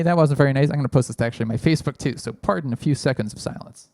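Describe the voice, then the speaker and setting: A man with a mid-range, slightly mellow voice talks rapid-fire as host of a casual call-in show. Speaking closely into a large studio microphone in a small studio with no room sound, he rambles loosely, full of fillers.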